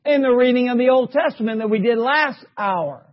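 A man preaching a sermon, fervently asking his congregation rhetorical questions and rising to shouts. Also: extremely high pitch, a little fast. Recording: dull lo-fi recording.

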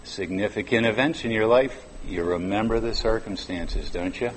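A man's voice: on the low side, moderate pace, slightly rough, in a large hall. A man in his fifties preaching a sermon in a church, conversational and drawing out key words for emphasis. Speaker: pastor. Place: church sanctuary.

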